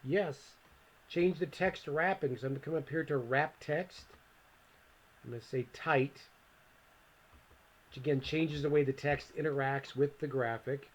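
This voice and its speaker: A man's voice: a little high, measured pace, long pauses, poor audio. Man talking through a screencast tutorial. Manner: casual, talks to himself while clicking; joking asides to viewer. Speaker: instructor.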